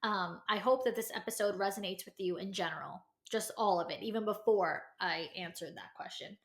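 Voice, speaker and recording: A woman's voice: mid-range voice, a little fast, reverberant. A young adult woman hosting a solo advice podcast, blunt and emphatic, repeating her points with tough-love force. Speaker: podcast host giving advice.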